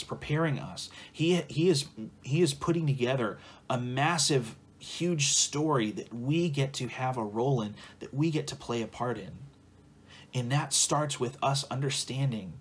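An earnest male pastor delivers a sermon in an encouraging tone, circling back over his phrases for emphasis. His voice sits at an ordinary middle pitch. A faint hiss runs under the recording. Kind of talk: sermon and closing prayer.

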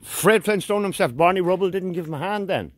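Walking outdoors in a forest, this man from Ireland keeps up a relaxed, joking patter for his vlog. He speaks in a high voice at a fairly brisk clip, over a slight hiss or hum.

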